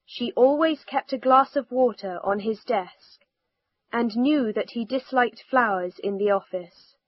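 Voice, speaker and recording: A woman reading a textbook story aloud for a language lesson, carefully enunciated and lively in the dialogue. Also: a little high, no echo. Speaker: reader of a language lesson text. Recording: dull, slightly lo-fi recording.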